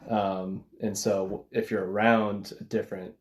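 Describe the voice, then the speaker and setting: A woman hosting a casual conversation, speaking in a measured, reflective way with soft laughs. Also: very deep voice, level tone, a little hiss or hum. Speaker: podcast host.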